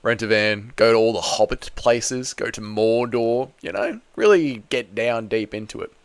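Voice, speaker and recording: A man's voice: medium pitch, moderate pace, clear, resonant tone. A young man hosting a live fight watch-along, chatting casually and joking while answering the chat. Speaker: host.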